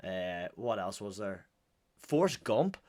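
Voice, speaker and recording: A man's voice: on the low side, big pitch swings, slow pace, darkish tone. A man with a Northern Irish accent hosting and joking his way through casual reaction commentary. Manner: joking, chatty, offhand. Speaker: host.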